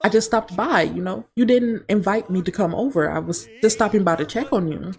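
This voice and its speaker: A woman's voice: medium pitch, brisk, gravelly, darkish tone, natural voice. A woman voicing a young adult man, an earnest, hurt boyfriend, as she narrates a life-sim game. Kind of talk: voicing game characters in commentary.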